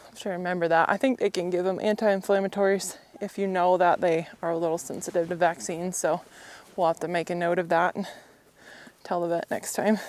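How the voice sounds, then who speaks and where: A woman vlogging outdoors at a windy horse pen, talking gently and chattily to her horse and laughing often. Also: lowish voice, dry recording. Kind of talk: casual vlog narration while tending a horse.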